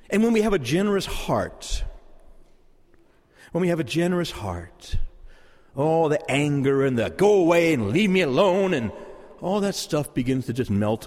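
A man preaches to his church with a fairly high voice that swoops up and down. He drops into playful quoted voices and chuckles as he talks. The sound carries a long, ringing reverb from the sanctuary. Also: sing-song, measured pace, pauses often, darkish tone. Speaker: pastor. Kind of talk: sermon.

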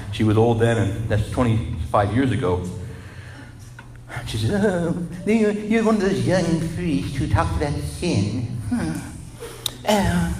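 A man preaching a sermon as a priest, animated and asking his congregation rhetorical questions. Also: mid-range voice, echoey room, in a large hall, slight background noise.

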